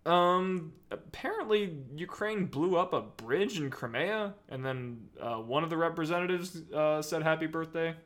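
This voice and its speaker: A man's voice: fairly high pitch, expressive, measured pace, few pauses, a bit bright. A man co-hosting a podcast, chatting in a rambling, crude, joking way with lots of fillers and laughs. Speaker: podcast co-host. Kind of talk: casual podcast banter.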